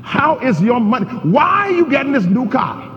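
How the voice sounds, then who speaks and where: A male pastor preaching a sermon, leading his congregation through a reading and swinging between shouting peaks and low asides. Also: very animated, normal speed. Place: church sanctuary. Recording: dull reverberant church recording with faint noise.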